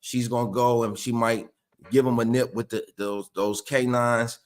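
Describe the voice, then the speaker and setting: A man's voice: medium pitch, flat delivery, moderate pace. Earnest man explaining dog training. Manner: earnest, repeats words and restarts while explaining. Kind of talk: casual explanatory talk.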